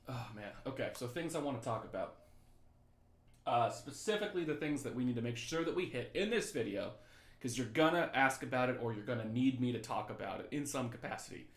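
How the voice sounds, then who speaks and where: A man's voice: mid-range voice, a bit bright, reverberant. A young male teacher casually chatting with students on a review livestream, joking and reading the chat aloud. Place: his apartment.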